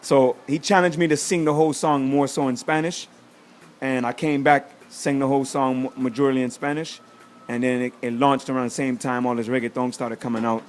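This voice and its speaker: A man, a reggae artist, chatting as a studio guest and acting out quotes in animated stories. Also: mid-range voice, a little fast, slight background noise. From United States. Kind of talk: casual chat, storytelling.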